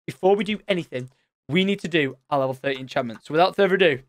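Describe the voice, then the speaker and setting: A man commentating his Minecraft let's play, excitable and loud at surprises. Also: a little high, rapid-fire, dry recording. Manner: excitable, shouts and squeals at surprises. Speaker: gaming channel host.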